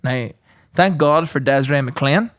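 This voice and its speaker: A man's voice: mid-range voice, measured pace. A man, co-hosting a podcast in casual chat and telling stories with frequent chuckles. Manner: animated storyteller, chuckles often. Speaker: podcast co-host.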